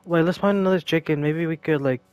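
Jokey, excitable man narrating his gameplay. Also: on the high side, quick pace, smooth, dry recording, faint music behind. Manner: jokey, excitable, talks to himself and the mobs. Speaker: gameplay commentator. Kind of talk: casual gameplay commentary.

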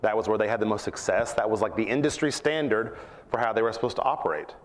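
A man preaching a sermon at church, earnest and reflective, rising in pitch to stress his points. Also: fast, in a large hall.

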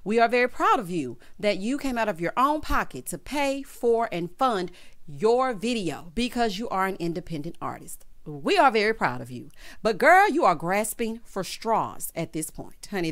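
A woman doing a casual, chatty recap of a reality show, sassy and full of "honey" and "baby," with loud bursts of laughter. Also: mid-range voice. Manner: animated, breaks into loud hollering laughs.

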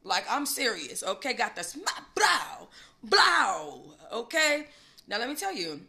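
Bright-voiced woman hosting a livestream. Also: medium pitch, big pitch swings, moderate pace. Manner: emphatic, slangy, talks back to chat. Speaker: livestream host. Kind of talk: casual livestream commentary.

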